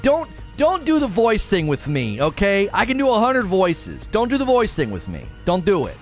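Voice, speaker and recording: Animated, high-pitched male streamer. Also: moderate pace, faint music behind. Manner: animated, laughs often, slips into playful character voices. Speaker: streamer answering chat. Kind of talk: casual live-stream chat.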